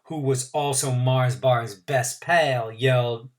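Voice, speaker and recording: A man's voice: mid-range voice, fairly even intonation, slow pace. Male teacher, reads a novel aloud to students, stops for asides and explanations. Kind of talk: reading a novel aloud to a class.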